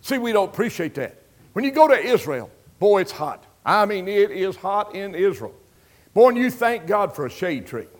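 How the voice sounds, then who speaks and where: High-voiced preacher, loud then hushed. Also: male voice, big pitch swings, moderate pace. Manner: swings between hushed storytelling and loud exclamations. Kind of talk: sermon.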